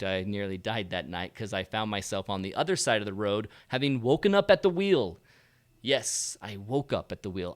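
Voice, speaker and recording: A man hosting a casual photography live stream, telling his stories in an animated way and talking to himself. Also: fairly low pitch. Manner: animated storytelling, talks to himself. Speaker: photography channel host. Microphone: low-quality stream mic.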